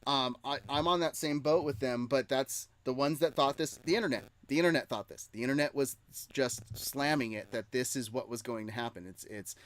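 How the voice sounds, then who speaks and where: Man, podcast host, casual chat, chatty, mid-pitched voice. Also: fairly quick, hardly any pauses. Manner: reads chat comments aloud, chatty.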